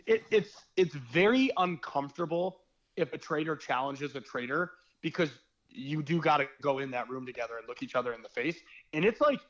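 Young man, podcast guest, rambling candid storytelling, slightly high voice, muffled audio. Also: expressive, a little fast. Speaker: podcast guest, former reality show contestant. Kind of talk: casual podcast chat.

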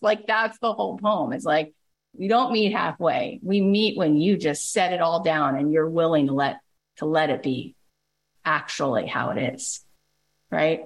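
A woman's voice: low voice, normal speed. A woman podcast host giving a passionate, emphatic motivational talk to her listeners.

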